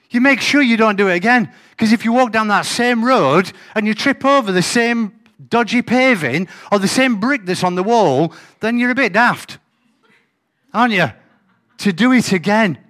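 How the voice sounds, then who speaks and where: High-voiced man preaching. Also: a bit bright. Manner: conversational, emphatic preaching with rhetorical questions. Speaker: pastor. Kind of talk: sermon.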